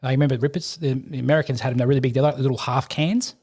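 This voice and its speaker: A man's voice: mid-range voice, fairly even intonation, darkish tone. A middle-aged Australian man, a podcast guest, telling rambling war anecdotes in casual chat. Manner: rapid, rambling anecdotes with laughter. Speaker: podcast guest, army veteran and firefighter.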